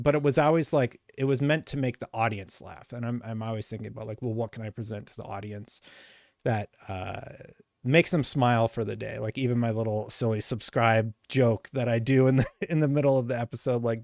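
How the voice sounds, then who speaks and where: A man's voice: mid-range voice, vocal fry, a little mellow, dry recording, clean studio sound. A middle-aged man hosting a podcast in casual, earnest chat, often trailing into fillers. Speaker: podcast host.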